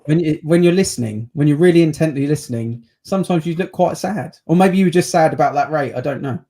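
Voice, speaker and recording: A man's voice: a little high, fast, warm tone. A man hosting a casual property chat on a video call, chatty and teasing. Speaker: podcast host, estate agent.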